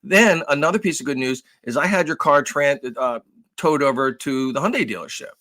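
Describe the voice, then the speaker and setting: A man co-hosting a podcast, telling a long story in a casual, animated way with lots of swearing. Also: a little high, normal speed. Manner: animated, profane, acts out raised voices. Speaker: podcast co-host.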